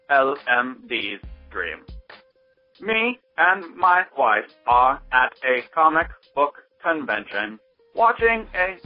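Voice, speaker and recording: A man doing a slow, deadpan robot android. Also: mid-range voice, dry recording. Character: robot android reading a listener letter, flat and slow. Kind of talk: reading a listener letter in a robot voice. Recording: dull lo-fi sound with faint music.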